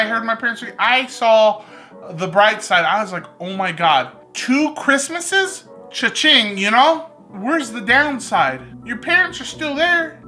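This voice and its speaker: A woman's voice: on the high side, pushed and bright. A woman hosting a reaction video in casual, joking commentary, sarcastic and lecturing by turns.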